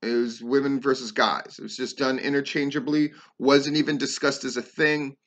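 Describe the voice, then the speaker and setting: A middle-aged man casually reviews a wrestling show for his podcast, rambling with frequent "um"s and lots of swearing. His medium-pitched voice is steady and a bit bright, at a moderate pace.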